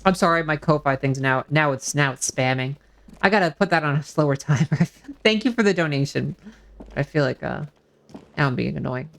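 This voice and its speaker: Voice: mid-range voice, animated, moderate pace, creaky, a bit bright. A streamer giving casual, joking commentary while playing a game, reading text aloud, on a desk microphone at home.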